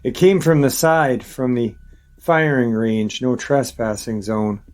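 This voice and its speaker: Man, mid pitch, story narration, calm steady read, plain delivery. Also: slow pace. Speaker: channel host reading a viewer's story. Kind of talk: first-person story reading.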